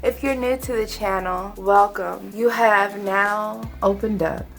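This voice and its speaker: A middle-aged woman tells a cake-decorating story in a chatty, bubbly way at home. Her voice sits at an ordinary pitch for a woman but leaps up high in excited exclamations. Faint music plays underneath. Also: unhurried, creaky. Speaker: cake decorator and channel host. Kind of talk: casual storytime vlog.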